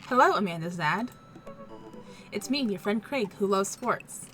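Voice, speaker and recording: Stiff, formal game dad read by a woman, deadpan over game music. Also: medium pitch, unhurried. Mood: stilted. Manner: stilted, flat, oddly formal.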